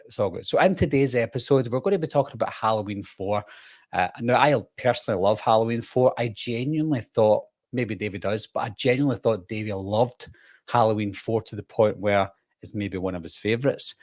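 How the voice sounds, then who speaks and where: A man in his thirties hosts a casual live-stream chat, rambling chattily and laughing easily. His voice is lowish and a little fast.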